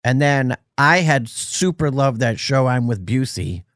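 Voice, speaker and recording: A man's voice: mid-range voice, lively intonation, unhurried, a bit bright, dry recording, clean studio sound. A man co-hosting a podcast, telling a rambling story in casual chat and stopping to search for words. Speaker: podcast co-host. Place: Los Angeles.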